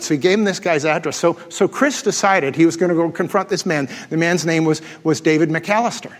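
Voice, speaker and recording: A man's voice: fairly high pitch, a little fast, few pauses. A male pastor preaching a sermon to a congregation, telling stories and joking with them as he goes. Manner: storytelling, joking and laughing with the congregation. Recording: long hall reverb.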